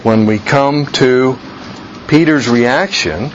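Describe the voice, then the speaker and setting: A man preaching a sermon slowly and deliberately, jumping to a much higher pitch when he voices people's reactions. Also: highs cut off, slight background noise. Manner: slow deliberate preaching, voice leaps high for quoted reactions. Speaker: pastor.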